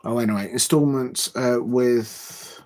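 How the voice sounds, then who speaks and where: A man hosting a football livestream in casual chat, rambling and halting with many fillers and frequent chuckles. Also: mid-range voice, steady tone, a little mellow.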